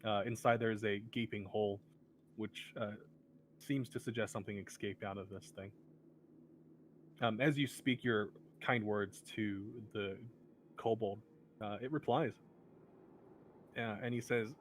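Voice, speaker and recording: Slow, hesitant male game master. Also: fairly low pitch, a little hiss or hum. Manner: hesitant, many ums and uhs. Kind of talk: narrating a tabletop game.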